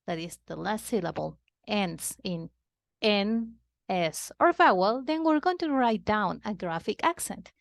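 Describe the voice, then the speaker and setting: A woman's voice: mid-range voice, gravelly, no echo, studio quality. A woman teaching Spanish to children in a patient, explanatory way, repeating key terms and moving between Spanish and English. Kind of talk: slow explanatory lesson for kids.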